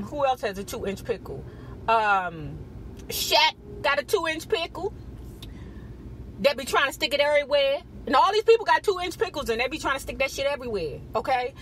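Sassy high-voiced gossip host woman. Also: a bit bright, slight background noise. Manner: sassy and profane, with frequent "child" and "baby". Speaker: celebrity gossip vlogger. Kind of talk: casual gossip commentary. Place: not on camera, audio-only.

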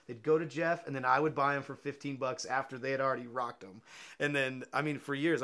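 A man telling a story in an interview, animated and loose, with casual swearing and laughter. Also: mid-range voice. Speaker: interviewee, skateboarder.

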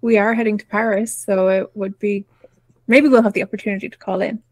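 A woman playing a tabletop game, friendly and brisk. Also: mid-range voice, fairly even intonation, a little mellow, dry recording. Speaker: player.

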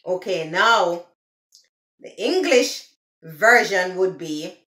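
Jamaican woman, casual vlogger, slow deliberate delivery, bright voice, roomy echo. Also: on the low side, lively intonation. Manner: switches between patois and careful slow English; chatty, repeats each phrase twice. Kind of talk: casual teaching vlog.

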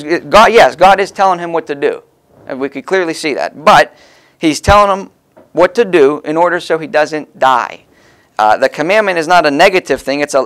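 A man's voice: fairly high pitch, fairly bright tone. A man preaching a sermon in a folksy, conversational way, stressing key words as he explains the text.

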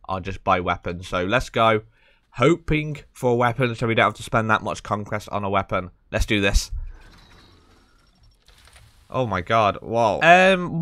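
A young man, talking casually over his gameplay. He sounds excitable and chatty, leaning on fillers and "man." His voice is bright and forceful, and the recording is dry and close. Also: mid-range voice, no echo. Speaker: gaming video creator.

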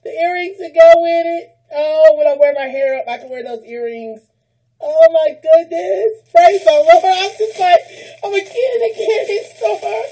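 A woman's voice: very high voice, moderate pace, warm tone, low-quality recording. A woman, opening gifts on a vlog, gushing and squealing and close to tears, calling out praise to God. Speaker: vlogger opening a gift package. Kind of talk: unboxing vlog, emotional chat.

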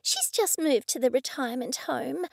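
A woman's voice: sits high, expressive, normal speed, vocal fry, breathy edge, dry recording, exaggerated voice. Female narrator doing a poised older lady from a retirement home, prim, dry close sound.

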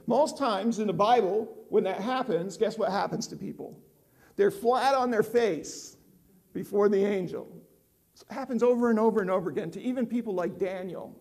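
A man's voice: high voice, vocal fry, a little mellow. An older man preaching a conversational sermon as pastor, often asking the congregation questions.

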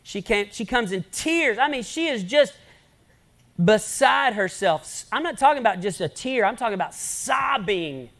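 Guy preaching a sermon, goes from loud punchy lines to almost whispering, tells stories with big pauses. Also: high voice, expressive, gravelly. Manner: swings between loud emphasis and hushed near-whispers; storytelling, dramatic pauses. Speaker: pastor.

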